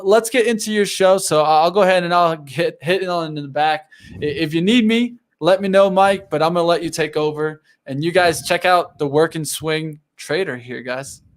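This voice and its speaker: A man hosting a livestream, chatty and hesitant, restarting his sentences often. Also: fairly high pitch. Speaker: livestream host. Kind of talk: casual livestream talk.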